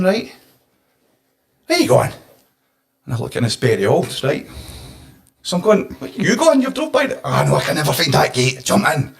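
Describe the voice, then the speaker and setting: A Scottish man, a former football manager, telling an animated story on a podcast. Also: mid-range voice. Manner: animated anecdote-telling, gets emotional.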